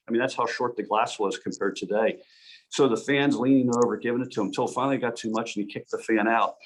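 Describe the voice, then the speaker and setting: A man, a hockey referee as guest speaker, telling animated anecdotes with frequent restarts over a video call. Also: mid-range voice. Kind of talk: storytelling presentation.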